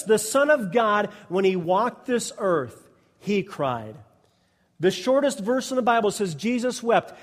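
A male pastor preaching a sermon, emphatic and repetitive, calling out to the congregation and asking them to respond. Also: very high-pitched. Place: church sanctuary. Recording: long reverb of a large hall.

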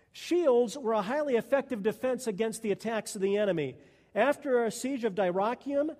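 A pastor preaching a sermon at a Sunday church service, earnest and emphatic. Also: male voice, extremely high pitch, a little mellow. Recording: long echo of a church hall.

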